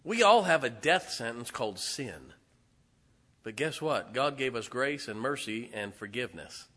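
A man's voice: medium pitch, lively intonation, unhurried, fairly bright tone, big-room sound. A man preaching a conversational sermon as pastor, folksy and joking with his congregation. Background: congregation responding.

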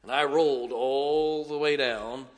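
A man preaching, telling a folksy, animated, self-mocking story from the pulpit. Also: medium pitch, unhurried. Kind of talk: storytelling sermon. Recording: long reverb of a large hall.

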